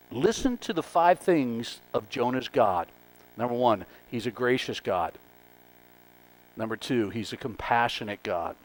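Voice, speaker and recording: A man's voice: mid-range voice, lively intonation, a little slow, low-quality recording. A male pastor giving a conversational, emphatic sermon and working through numbered points.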